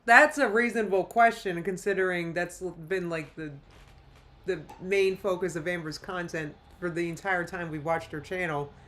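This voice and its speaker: A woman's voice: fairly low pitch, fairly even intonation, normal speed, a bit bright. A woman hosting a casual live react stream, chatting loosely, reading viewer comments aloud and laughing often. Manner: chatty, rambling, reads chat comments aloud with frequent laughs. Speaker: host reacting live to videos.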